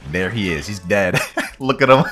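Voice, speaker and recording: A man's voice: lowish voice, a little slow, soft background music. A man giving hyped, slang-filled let's-play commentary, hyping himself up as he plays. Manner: excitable, slangy, hypes himself up. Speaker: gaming YouTuber.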